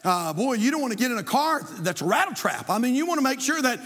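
A man preaching as a pastor, building to shouts and repeating his points. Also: extremely high pitch, sing-song, fast, husky, long reverb tail. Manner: impassioned preaching, often shouting, with repetition. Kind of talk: sermon. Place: church sanctuary.

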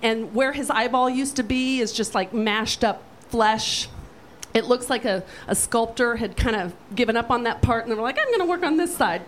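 Woman, high voice, brash profane comic storytelling, faint noise behind. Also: fairly even intonation, moderate pace, rough recording. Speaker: storyteller guest.

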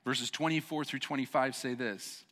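Animated preacher man in a reverberant church. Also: mid-range voice, normal speed. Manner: animated, jokey, acts out voices of the people he preaches about. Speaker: pastor. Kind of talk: sermon. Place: church sanctuary.

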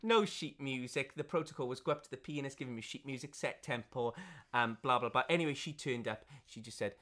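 Lively, laughing man telling stories. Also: mid-range voice, fairly quick. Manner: chatty storyteller, laughs often. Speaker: guest actor. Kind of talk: casual chat. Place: caravan.

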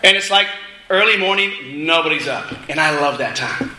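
Bright-voiced male minister, echoey church. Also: fairly high pitch, normal speed. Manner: casual, animated, laughing asides. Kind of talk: sermon with storytelling. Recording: echoey room with faint noise.

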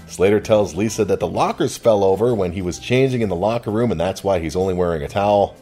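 A man's voice: deep voice, brisk, dark tone, faint music behind. A man narrating a TV episode recap casually with chuckling, offhand asides.

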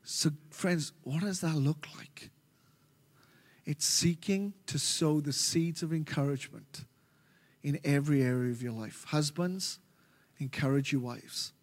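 An Australian man preaching a sermon as pastor, animated and joking with his congregation. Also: on the high side. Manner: animated, jokey preaching with quick asides. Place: large church hall. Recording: reverberant church hall.

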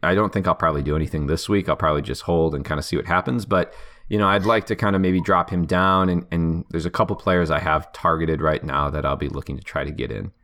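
A man's voice: deep voice, steady tone, quick pace, fairly bright tone. A man co-hosting a casual podcast, rambling and teasing his co-host, with many fillers and restarts. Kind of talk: casual podcast chat about fantasy football.

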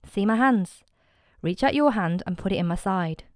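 A woman voicing a calm, tender man teacher in a dramatized scripture reading, speaking gently and slowly. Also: medium pitch, no room sound, studio quality, lightly acted. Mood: gentle. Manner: gentle, slow and tender, at times hushed.

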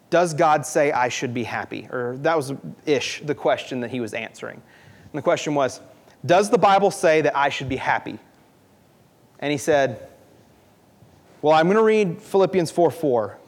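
Young male preacher with a high voice, earnest and conversational, repeats points for emphasis. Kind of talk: sermon.

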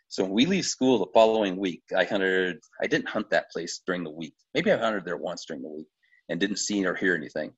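Middle-aged american guy going on about a hunt, kinda low husky voice, muffled audio. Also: fairly quick. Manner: animated, rambling hunting story with restarts. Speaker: podcast guest, bowhunter. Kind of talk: casual storytelling.

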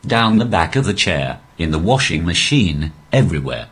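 A male comedian's stand-up comes through a posh, robotic synthetic voice that sits very deep. The delivery stays deadpan and evenly paced, yet the pitch rises and falls in lively swings. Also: moderate pace, husky. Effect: synthetic text-to-speech voice. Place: live comedy venue.

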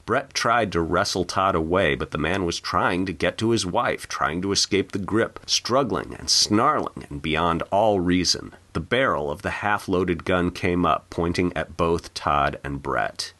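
A man reading his own short story aloud in an expressive, animated narration. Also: deep voice, a little slow, few pauses. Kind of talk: audiobook narration.

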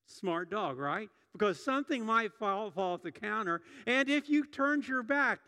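A middle-aged pastor's high, sharp-toned voice echoes with long hall reverb through the church sanctuary. He preaches conversationally, frequently starting over and repeating himself.

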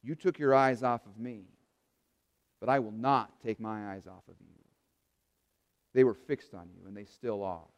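A man voicing Jesus in a sermon, speaking in a low, steady, reassuring way. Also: measured pace, pauses often, natural voice. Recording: reverberant hall.

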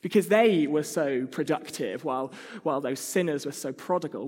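An earnest man preaching a sermon, his slightly high voice a little husky. The sound rings with a long hall reverb, as if in a church. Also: brisk, hardly any pauses, darkish tone. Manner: earnest, acts out whiny child voices.

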